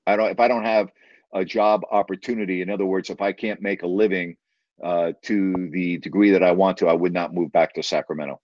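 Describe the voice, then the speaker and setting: Low-voiced rambling man telling stories. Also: steady tone, brisk. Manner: rambling, repeats phrases, draws out words for emphasis. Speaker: broadcaster and podcast host, interview guest. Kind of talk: casual interview storytelling. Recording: dull, dry podcast audio.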